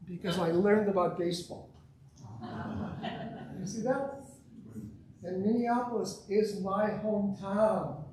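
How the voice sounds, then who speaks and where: Older lecturing man with a high voice. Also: slow pace, long pauses, darkish tone. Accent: slight Eastern European. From born in the Soviet Union, raised partly in Poland and the US. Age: 70s. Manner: storytelling, with rhetorical questions and frequent "okay?" and "right?". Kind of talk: public lecture with Q&A. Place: community center hall. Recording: echoey hall, far from the mic, faint noise.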